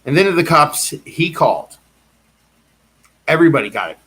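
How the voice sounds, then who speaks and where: A man's voice: on the high side, sing-song, normal speed, pushed and bright, breathy edge. A man delivering a rambling personal monologue, insistent and repetitive, circling back to the same claims again and again.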